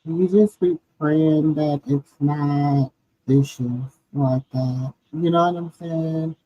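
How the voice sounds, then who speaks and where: A woman's voice: sits low, fairly even intonation. Tired woman hosting a late-night stream. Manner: greets viewers by name, drawn-out. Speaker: livestream host. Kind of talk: late-night live chat. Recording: dull lo-fi stream audio.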